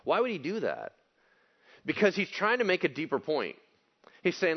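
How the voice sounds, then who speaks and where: A male pastor preaching a conversational sermon, animated and joking. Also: fairly high pitch, moderate pace, highs cut off. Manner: animated, joking, acts out quotes.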